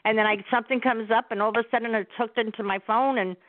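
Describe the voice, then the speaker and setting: A woman's voice: fairly high pitch, fairly even intonation, fast, no echo. Older woman on a tinny phone line. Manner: stammering, repeating herself. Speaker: guest, host's mother. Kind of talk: casual chat on a call.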